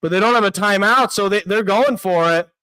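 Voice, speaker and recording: A young man hosting a sports show, calling a live game play by play as a fan and reacting loudly, often shouting in disbelief. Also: high-pitched, a little fast, smooth. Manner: excitable, shouting and anguished at big plays. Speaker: sports podcast host.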